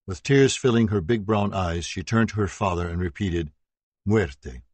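A man narrating a true-crime audiobook in a steady, sober reading voice. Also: deep voice, normal speed, breathy edge, no echo.

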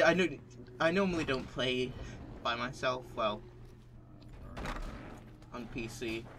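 A man's voice: medium pitch, noisy background. A teenage male gaming host commenting nervously while he plays, panicky and jittery, with frequent nervous laughter. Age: teens.

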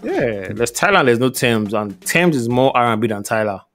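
A man's voice: mid-range voice, animated, moderate pace, fairly bright tone. A man co-hosting a music podcast in casual chat, reading out lists of nominees and laughing often. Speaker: podcast co-host.

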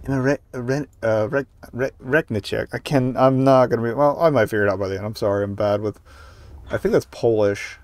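A man's voice: medium pitch, a little fast. A man streaming a story game, chatting casually with profane, rambling asides. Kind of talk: casual gaming commentary.

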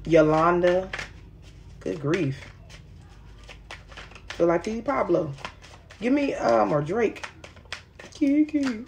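Woman doing a chatty tarot reading, low gravelly voice, kinda rambly and slangy, faint hiss behind. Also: a little mellow. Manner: chatty and rambling, talks straight to viewers; informal and slangy. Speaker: tarot reader. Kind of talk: casual tarot reading to camera.

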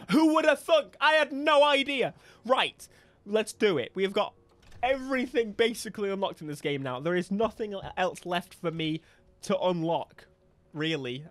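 Man, young adult, casual gameplay commentary, excitable, high-pitched. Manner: chatty, excitable, laughs often. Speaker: gaming video creator.

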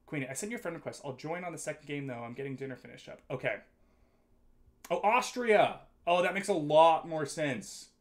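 A man streaming a video game, chatting casually and excitedly with viewers, with lots of swearing and jokes. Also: a little high, quick pace, hardly any pauses. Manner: excitable, swears a lot, jokey. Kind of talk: casual gaming livestream chat.

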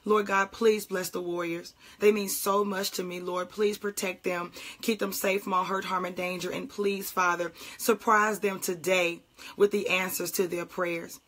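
A woman's voice: fairly low pitch, flat delivery, moderate pace, fairly bright tone. A woman pastor, greeting livestream viewers by name and leading a fervent flowing prayer.

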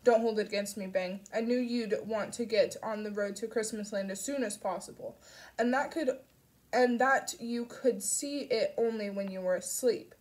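A woman voicing a smooth-talking, sinister older male chauffeur in an audiobook, louder and coaxing. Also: on the high side, normal speed, close to an everyday voice.

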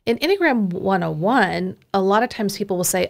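A woman hosting a podcast who explains things like a teacher, laying out traits one after another. Her voice has a strong gravelly fry. Her pitch sits in a mid range. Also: expressive, moderate pace. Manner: clear, teacherly, listing traits. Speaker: podcast host, enneagram coach.

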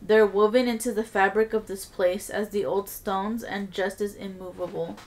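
A woman's voice: medium pitch, steady tone, normal speed, slight background noise, lightly acted. A woman reading the lines of a stern female village ritual leader with a grave, warning tone. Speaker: podcast host.

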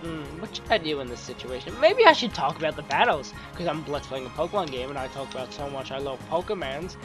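A man's voice: fairly high pitch, big pitch swings, quick pace, music in the background. A man with a sore throat giving chatty, rambling let's play commentary, restarting sentences and poking fun at himself.

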